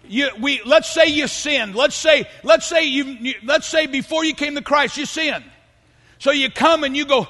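A man preaching a fervent sermon to a congregation, often rising into shouts. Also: extremely high pitch, normal speed. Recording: long hall reverb.

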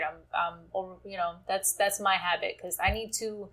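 Woman, casual chat, blunt, frank, swears a lot, relaxed talk. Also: mid-range voice, fairly quick, hardly any pauses.

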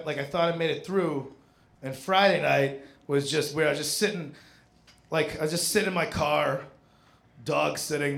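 A man telling a stand-up story, animated, now and then shouting out acted bits of dialogue. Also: a little high, gravelly, a little hiss or hum. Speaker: stand-up comedian. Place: comedy stage with a live audience. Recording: roomy live room with crowd laughter.

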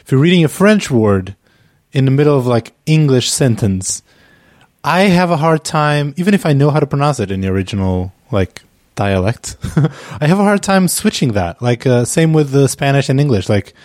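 A man's voice: mid-range voice, very animated, normal speed, darkish tone, no room sound, studio quality. A man hosting a podcast in casual chat, chatty, laughing often and trailing off mid-thought. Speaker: podcast host. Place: Amsterdam, on a remote call.

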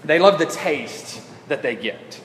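A man's voice: on the high side, lively intonation, takes it slowly, a little hiss or hum. A man preaching a sermon in a church, talking conversationally with frequent restarts. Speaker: pastor. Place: church sanctuary. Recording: echoey church hall.

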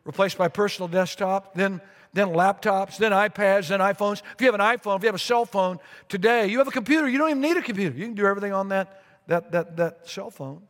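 A middle-aged man preaching a sermon as pastor, telling a long story with repeated phrases and lively asides. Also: sits high, fast. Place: church sanctuary. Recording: long reverb of a large sanctuary.

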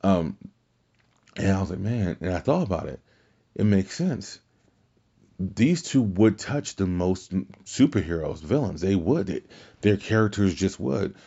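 A man's voice: low-pitched, sing-song, unhurried, gravelly, long pauses, warm tone, husky. A man hosting a podcast, talking casually on his own in a rambling way, with many restarts and filler words. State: tired, fighting yawns. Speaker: podcast host. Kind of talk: casual solo commentary. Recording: dull lo-fi sound.

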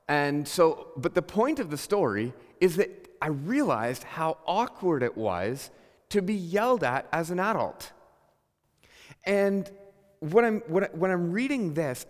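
A man delivers a sermon in a conversational, animated way. His voice sits a little high and rises sharply on emphatic lines. The sound carries the long reverb of a large hall. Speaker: pastor.

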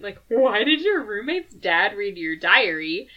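Woman podcast co-host; animated, giggly recap, bright tone, dull lo-fi audio. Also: mid-range voice, a little slow, hardly any pauses. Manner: animated storytelling, frequent laughter and "like" fillers. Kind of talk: casual chat reviewing a book.

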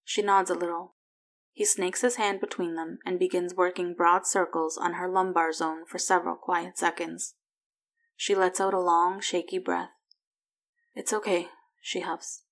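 A woman narrating a fan fiction story aloud, softly and evenly. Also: on the low side, little pitch movement, normal speed.

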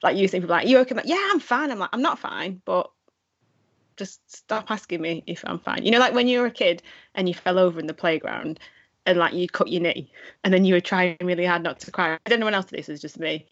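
A woman's voice: lowish voice, fast. A young woman chatting casually, acting out what she and others say as she tells it. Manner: chatty, acts out quoted remarks. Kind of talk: casual chat. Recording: muffled lo-fi recording.

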